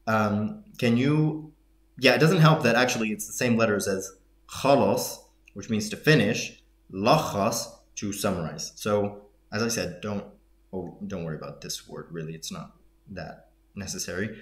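Low-voiced man teaching in echoey room. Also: moderate pace. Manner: thoughtful, many fillers and self-corrections. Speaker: Arabic teacher. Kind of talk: explaining a dialogue reading.

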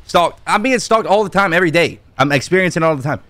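Male streamer, cocky and jokey, winded from jumping, slightly high voice. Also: big pitch swings, rapid-fire, hardly any pauses, a bit bright. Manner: boastful and joking, talking straight to chat; jumping around while talking, breathless at times. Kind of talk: casual live-stream game commentary.

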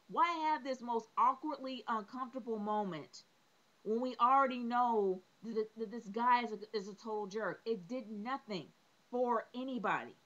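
A woman's voice: fairly high pitch, fairly bright tone, lo-fi sound. A woman reviewing a wrestling show, exasperated and opinionated, piling up rhetorical questions and repeating her points.

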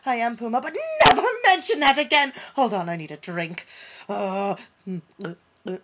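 A woman's voice: on the high side, lively intonation, moderate pace, pushed and bright, heavily acted. A woman playing a vain, vampish soap opera character, mock-seductive and over-dramatic in a comic parody.

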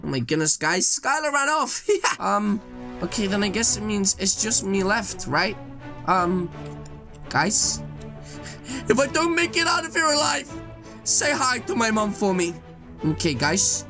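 A man's voice: sits high, expressive, a little slow, gravelly, over music. Hyped young man narrating a game. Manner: hyped, exclamatory, addresses viewers as guys. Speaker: gaming YouTuber. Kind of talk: excited gameplay commentary.

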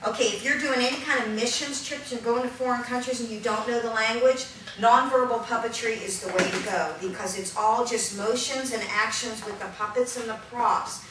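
A woman teaching puppet ministry, leading a lively children's-church style puppet demonstration and calling out to the audience. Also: fairly high pitch, brisk, hardly any pauses. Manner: animated, calls out to the audience and coaxes them. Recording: echoey room audio from far off with noise.

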